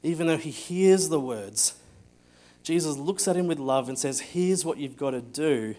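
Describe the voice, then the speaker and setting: A man preaching a sermon, telling a Bible story with energy, acting out the voices and often dropping to a hushed tone. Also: fairly high pitch, expressive, moderate pace. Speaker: pastor.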